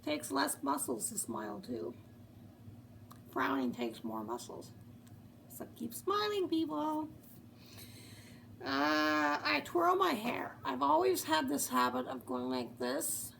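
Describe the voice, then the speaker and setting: Chatty gravelly-voiced woman vlogger. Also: high-pitched, huge pitch swings, slow pace, long pauses, a bit bright, slight background noise, poor audio. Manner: chatty, laughs often. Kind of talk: casual chat to camera.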